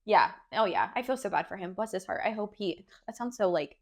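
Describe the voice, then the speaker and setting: A woman's voice: mid-range voice, animated, fairly quick. A young woman co-hosting a podcast, teasing her friend and telling stories in casual chat, swearing freely. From Japan. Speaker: podcast co-host.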